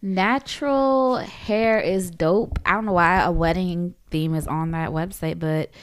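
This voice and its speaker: A young woman in casual chat, animated and profane. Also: fairly low pitch, unhurried, clean tone. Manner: animated, profane, laughs often.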